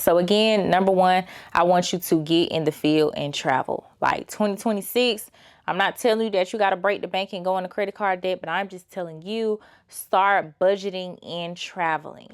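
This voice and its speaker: A young woman, giving a chatty, emphatic motivational vlog monologue. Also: lowish voice. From Georgia, USA. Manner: emphatic and chatty, full of fillers and rhetorical "okay?". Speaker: lifestyle motivational vlogger.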